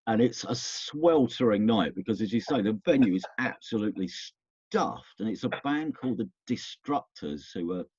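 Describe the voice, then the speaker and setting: Deep husky-voiced man reminiscing. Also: expressive, normal speed, darkish tone, no echo, highs cut off. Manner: rambling, self-interrupting storyteller. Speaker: guest. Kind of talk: casual reminiscing conversation.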